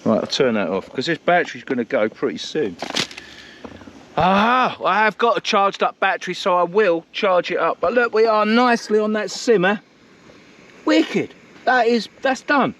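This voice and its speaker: A vlogger with a slightly high, somewhat bright voice chats casually to camera while camping outdoors at a countryside campsite, with slight background noise. He mocks himself and laughs often.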